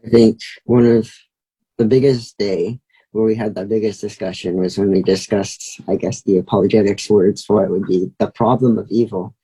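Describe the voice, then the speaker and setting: A man's voice: fairly low pitch, fairly even intonation, normal speed, dark tone, slightly rough, poor audio. A young man telling a story as a guest, chatty, with many fillers. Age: young adult. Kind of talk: casual storytelling.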